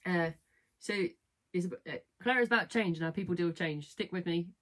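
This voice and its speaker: Woman chatting on a live stream, rambly, keeps going "right?", lowish voice. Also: normal speed, fairly bright tone. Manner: chatty, rambling, self-correcting, asks "right?" often. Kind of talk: casual chat retelling a book.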